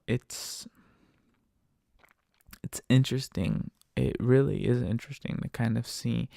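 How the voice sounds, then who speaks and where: A man's voice: medium pitch, vocal fry, dark tone, no room sound. Man, rideshare driver, casual storytelling, swears a lot, dry close sound. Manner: rambling, laughs often, swears freely. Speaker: rideshare driver and podcast host.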